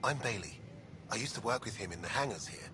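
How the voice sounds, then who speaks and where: A fairly low male voice from a man playing a shy hangar worker in a game, hesitant and awkward in his delivery, with clear noise behind him. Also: animated, fast, natural voice. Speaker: game character. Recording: audible background noise.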